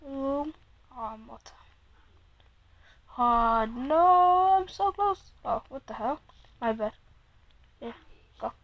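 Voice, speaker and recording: A woman giving casual gameplay commentary while opening packs against a friend, excitable, swearing often and teasing the other player. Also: sits high, takes it slowly, pauses often, phone-quality sound. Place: room at home, Android phone game.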